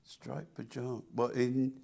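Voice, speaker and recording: An older man, an artist being interviewed, reminiscing casually in a halting way, with many restarts and repeated words. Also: medium pitch, little pitch movement, gravelly, mellow.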